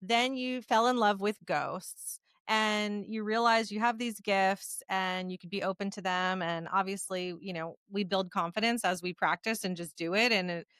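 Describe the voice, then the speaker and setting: A woman hosting an interview, setting up long, considered questions at an easy pace. Her voice is bright and mid-pitched, and it sounds dry and close to the mic. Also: moderate pace, few pauses, clean tone, no echo. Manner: thoughtful, builds long framing questions. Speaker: podcast host.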